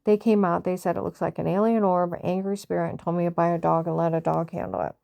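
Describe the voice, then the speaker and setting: A woman's voice: fairly low pitch, flat delivery, quick pace, gravelly, mellow, no echo. A woman telling a personal story in a rambling, agitated monologue, often reenacting conversations and repeating herself. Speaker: vlogger recounting a personal story.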